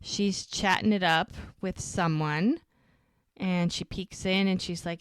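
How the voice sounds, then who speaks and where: A woman's voice: on the low side, fairly even intonation, slow pace, clear, resonant tone, dry recording, studio quality. A woman co-hosting a podcast, casually recapping an episode and acting out the characters' lines. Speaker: podcast co-host.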